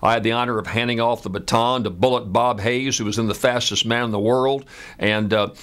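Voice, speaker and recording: A man in his seventies from the United States, telling a personal story in an unhurried, conversational way with frequent "uh" fillers. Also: mid-range voice, steady tone, clean tone. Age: 70s.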